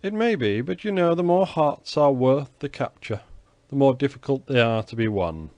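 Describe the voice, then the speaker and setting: A man's voice: medium pitch, lively intonation, normal speed, a little mellow, dry recording, pitched above the performer's own voice, natural voice. A man reading an audiobook, voicing a cunning, seductive noblewoman who speaks in a coy, calculating way. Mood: scheming coy.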